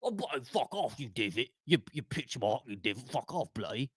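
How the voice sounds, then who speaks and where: A man's voice: mid-range voice, very animated, brisk, husky, no echo, voice pushed down. A man doing a mock Australian accent, impersonating a hot-tempered male pro golfer who swears and mutters at the hole. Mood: cursing.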